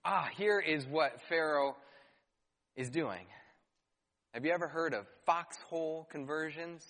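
A man's voice: fairly high pitch, measured pace, a bit bright. A man preaching a sermon as pastor, reading scripture aloud and adding rhetorical questions and dry asides. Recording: long hall reverb.

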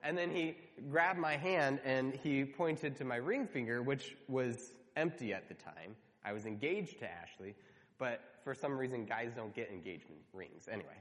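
A man's voice: medium pitch, animated, moderate pace, a bit bright. A male pastor telling a personal story in a sermon, conversational and earnest. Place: large church hall. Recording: reverberant church hall.

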